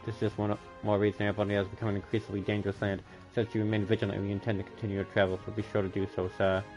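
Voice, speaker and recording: A man's voice: lowish voice, level tone, very fast, a little mellow, faint music behind. A man streaming live, reading game dialogue aloud and often correcting himself mid-line. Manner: reads lines aloud with frequent self-corrections.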